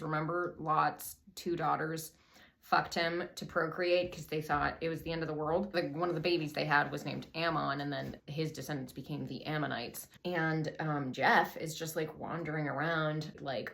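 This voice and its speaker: A woman's voice: low-pitched, fairly bright tone. A woman hosting a comedy show, retelling a story casually and irreverently, full of swearing and filler words, a little out of breath. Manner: irreverent, profane, lots of "like" fillers. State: a bit out of breath, drinking wine. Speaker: comedy podcast host.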